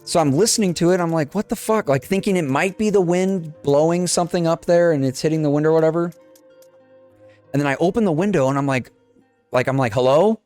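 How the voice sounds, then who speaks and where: Animated young man telling a story. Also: a little high, fast, faint music behind. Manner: swears freely, animated retelling with quoted dialogue. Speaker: podcast co-host. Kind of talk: casual storytelling chat.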